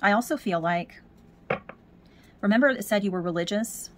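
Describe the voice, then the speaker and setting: A woman's voice: mid-range voice, normal speed. Woman tarot reader, mid-range voice, musing, intuitive, repeats words while searching. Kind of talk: tarot reading monologue.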